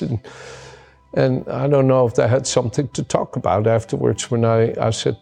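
Man, pastor, sermon, gravelly voice, earnest, emphatic, faint music underneath. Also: medium pitch, steady tone, moderate pace, dark tone. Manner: earnest, emphatic, repeats key words. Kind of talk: sermon with personal story.

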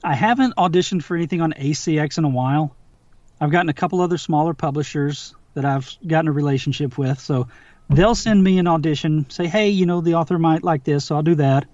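A man's voice: a little high, fast, no room sound, lo-fi sound. Man narrator in a dead home studio. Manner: relaxed, chatty, restarts often. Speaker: audiobook narrator. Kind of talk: casual interview chat.

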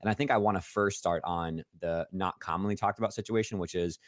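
A man hosting a casual podcast interview, chatty and quick with frequent restarts. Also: low-pitched, steady tone, no echo, clean studio sound. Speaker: podcast host.

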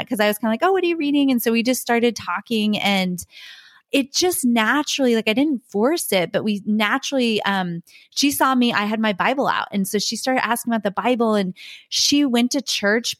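Middle-aged woman, earnest Christian podcast guest, warm storytelling, dry close sound. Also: on the high side, dry recording. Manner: animated, earnest, addresses listeners as "you guys". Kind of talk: casual faith podcast storytelling.

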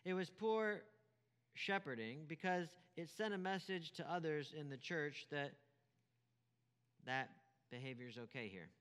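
A man's voice: a little high, unhurried, fairly bright tone, clean tone, big-room sound. A man preaching a sermon as pastor, emphatic, repeating key phrases and asking rhetorical questions.

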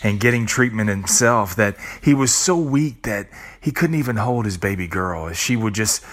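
A man's voice: on the low side, lively intonation, normal speed, fairly bright tone. A middle-aged man hosting a podcast, speaking an earnest, reflective monologue with casual swearing and restarts. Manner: earnest, with blunt casual swearing and repeated words. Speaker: podcast host.

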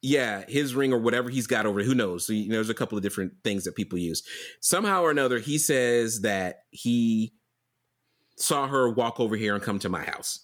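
A man telling a story in casual chat, animated and profane, with plenty of fillers and restarts. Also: mid-range voice, a little fast.

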